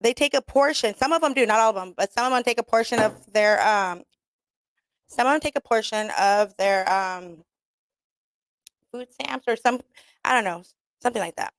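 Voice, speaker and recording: A woman's voice: fairly high pitch, normal speed, pauses often, no echo. A woman hosting talk radio in a blunt, rambling, profane way, laughing often and mixing in Spanish slang.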